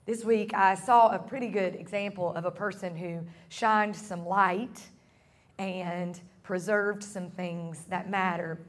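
A woman pastor preaching a sermon to her congregation, earnest and repeating phrases for emphasis, slowing and softening on her key lines. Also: on the low side, fairly even intonation. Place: church service room.

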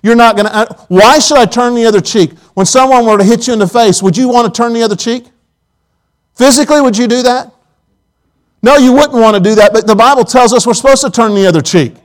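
A man's voice: very high voice, quick pace, low-quality recording. A man preaching a sermon in a church auditorium, telling folksy personal stories with quoted asides.

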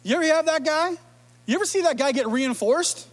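A man preaching a sermon, telling stories in an animated, emotional, conversational way. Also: very high-pitched, a little fast. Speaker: pastor.

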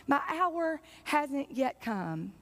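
A woman's voice: high voice, big pitch swings, extremely slow, fairly bright tone, heavily acted. A woman doing an earnest young Jesus. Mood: pleading. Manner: rising, impassioned pleading.

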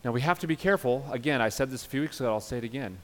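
A male pastor preaching a sermon, emphatic, swinging from loud urging to quiet earnest passages. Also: medium pitch, very fast, big-room sound.

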